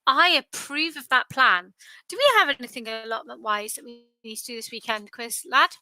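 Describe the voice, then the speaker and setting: Bright, high-voiced tired quiz host. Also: female voice, moderate pace, dry recording, rough recording. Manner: chatty, self-deprecating, sing-song repetition. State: tired, yawning. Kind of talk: casual quiz livestream chat.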